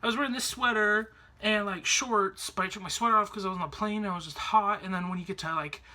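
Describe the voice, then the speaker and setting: A man's voice: sits high, quick pace, sharp tone. A man from Canada, chatting to camera about a trip in a rambling way, full of fillers and restarts. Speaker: vlogger. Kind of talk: casual storytelling to camera.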